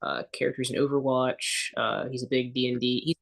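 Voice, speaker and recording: A chatty podcast co-host talks through thoughts out loud at a medium pitch. The delivery is loose and conversational. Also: flat delivery, brisk, gravelly. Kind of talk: casual podcast chat.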